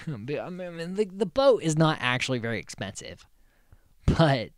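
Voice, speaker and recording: A man's voice: on the high side, big pitch swings, a little slow, no room sound, studio quality. A man hosting a podcast, recapping a reality show in a loose, rambling way with plenty of swearing. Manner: rambling, profane, loose storytelling. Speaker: podcast host.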